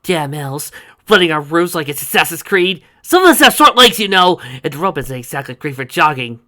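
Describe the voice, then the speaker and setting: A man's voice: on the high side, a little fast, sharp tone, pitched above the performer's own voice. A man voicing a grumpy, short halfling girl who grumbles and complains. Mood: grumbling.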